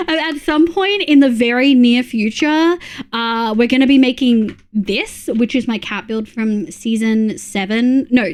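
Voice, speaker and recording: A woman from Australia streaming a game, counting items under her breath between chatty asides to her viewers. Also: on the high side. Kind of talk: casual gameplay chat with chat readers.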